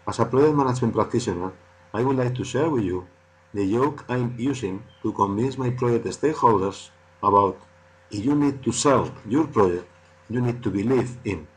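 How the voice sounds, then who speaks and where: A man who works in project management tells a joke in English with non-native phrasing and animated delivery. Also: mid-range voice, a little hiss or hum, poor audio. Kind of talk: telling a joke.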